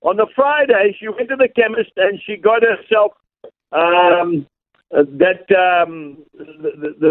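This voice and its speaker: A South African man, an evangelist, telling stories earnestly with many pauses and fillers over a phone line. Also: sits high, dry recording. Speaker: guest evangelist.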